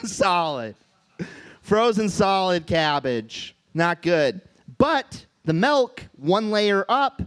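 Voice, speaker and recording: A man in his thirties from the Midwest doing a stand-up set on a club stage, talking in a deadpan, halting way with frequent restarts. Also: high-pitched. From Midwest United States. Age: 30s. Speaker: stand-up comedian.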